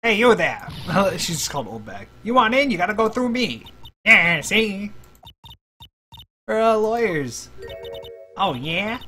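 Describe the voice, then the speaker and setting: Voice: mid-range voice, very animated, measured pace, long pauses, bright, forceful tone, voice pushed up. A streamer doing a bossy old security guard woman. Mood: brusque. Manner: brusque, suspicious. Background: game music.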